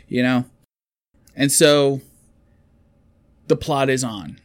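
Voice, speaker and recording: A man's voice: medium pitch, clear, resonant tone, no echo. A man chatting casually, retelling a movie plot in a rambling, storytelling way. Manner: rambling storyteller, quick quotes of characters.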